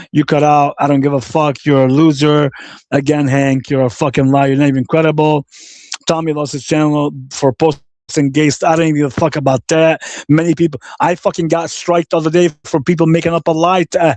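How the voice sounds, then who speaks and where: On the high side with little pitch movement, this livestream host speaks a little fast in a slightly mellow voice with no echo. His angry rant is profane and combative, full of curses, repeated insults, and viewer comments read aloud.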